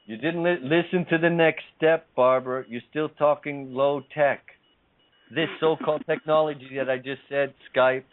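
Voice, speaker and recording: A man hosting a casual spiritual talk show, speaking emphatically and repeating his phrases for effect. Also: medium pitch. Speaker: host. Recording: tinny phone-line sound.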